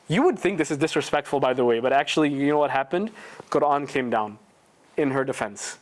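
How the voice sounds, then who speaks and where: Male religious teacher, slightly raised pitch, rapid and conversational, casual lesson. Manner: conversational, asks the audience rhetorical questions. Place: indoor community prayer center.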